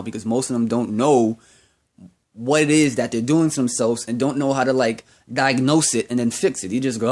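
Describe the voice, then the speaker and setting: A man's voice: a little high, animated, normal speed, darkish tone. A young man ranting in a vlog monologue, profane and heated, repeating himself as he goes. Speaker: vlogger.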